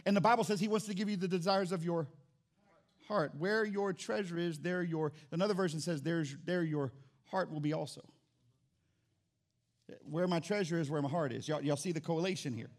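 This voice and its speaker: A male pastor preaching an animated sermon in church, calling out to the congregation and acting out little scenes. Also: fairly high pitch, brisk. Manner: animated, acts out quotes, calls out to congregation.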